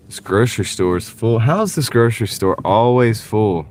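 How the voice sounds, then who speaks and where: A chatty man with a light Southern accent from the American South speaks in a fairly low, slightly mellow voice, animated and fairly quick with hardly any pauses, and there's a little hiss or hum. He's a delivery driver livestreaming casually from his car, rambling and reading and answering viewer comments on a wireless clip-on mic.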